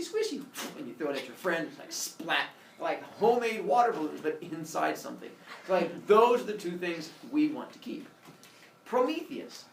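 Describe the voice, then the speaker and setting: Animated male teacher in an echoey classroom. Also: a little high, gravelly, recorded from a distance, slight background noise. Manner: animated, jokey, acts out characters. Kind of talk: storytelling to a class.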